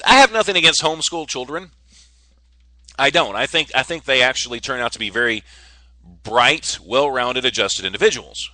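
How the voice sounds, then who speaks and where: A man's voice: medium pitch, animated, normal speed, bright, forceful tone, no room sound. A man hosting a casual solo podcast, rambling and joking with frequent stammers and restarts. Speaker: podcast host.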